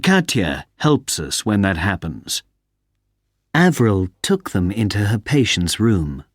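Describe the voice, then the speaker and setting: Rich: A man reads a simple story aloud for English learners, slow and careful. His low voice moves in lively rises and falls, recorded close and dry. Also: breathy edge, dry recording.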